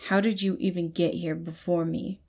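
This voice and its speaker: A woman voicing a stubborn young man who speaks coldly and slowly through clipped words. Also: fairly low pitch, flat delivery, a little mellow. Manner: clipped, cold, slow. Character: stubborn, stiff young man, flat and proud.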